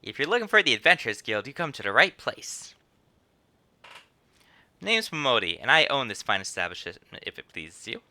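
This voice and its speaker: A man's voice: medium pitch, very animated, moderate pace, pauses often, bright, forceful tone. A man voicing a chatty female innkeeper who runs a guild, reading her lines in a drawl that drifts between put-on accents. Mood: folksy, storytelling.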